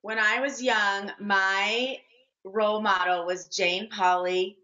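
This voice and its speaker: A woman in her forties chats as an interview guest, telling her story earnestly with plenty of fillers. Her voice is bright and forward. The sound is dull and lo-fi. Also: medium pitch, fairly even intonation, slow. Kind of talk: casual interview chat.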